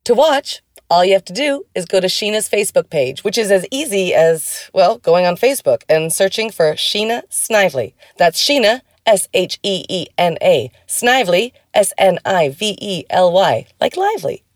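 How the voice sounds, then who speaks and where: A woman's voice: medium pitch, animated, moderate pace. A woman from Canada hosting a podcast, enthusiastic and gushing as she introduces her guest and chats with her. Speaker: podcast host.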